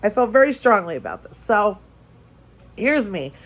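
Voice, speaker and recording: A woman vlogger telling a story in casual chat, lively and repeating phrases for emphasis. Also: mid-range voice, moderate pace. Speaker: crafting vlogger.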